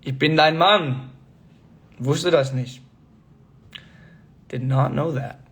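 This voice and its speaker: A man's voice: fairly high pitch, slow pace, fairly bright tone. A young man in casual livestream chat, reading fan comments aloud, laughing often and hopping between languages as he answers. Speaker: actor answering fans.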